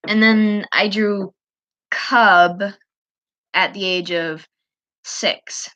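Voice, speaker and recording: Woman streamer, chatty and gushing, casual rambling delivery, mid-pitched voice. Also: steady tone, extremely slow, bright, forceful tone, dull audio. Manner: chatty, gushing, fond of cute things. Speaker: streamer showing her artwork.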